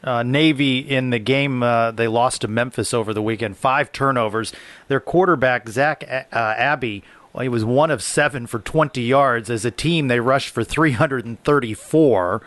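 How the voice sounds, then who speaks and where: A man's voice: mid-range voice, normal speed, fairly bright tone, dry recording. Male sports podcast host, dry sound. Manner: reads stats, then asks long questions.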